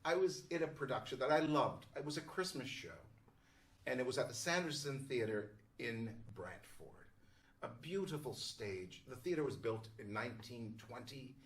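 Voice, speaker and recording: A stage actor recalls a theatre show at an easy, unhurried pace, stopping for small pauses. His voice sits in the middle of the range and is recorded with some distance from the microphone. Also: mid-range voice, lively intonation. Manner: unhurried, descriptive, with pauses and fillers. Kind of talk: anecdotal storytelling. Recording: voice distant from the mic.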